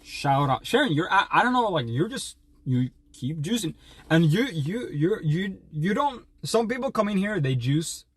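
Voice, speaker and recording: A man's voice: sits high, sing-song, moderate pace, slightly rough, no room sound. A young man from Sweden, chatting playfully as a streamer and reading donations in a rambling way. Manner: rambling, playful, stumbling restarts. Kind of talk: casual livestream chat, reading donations.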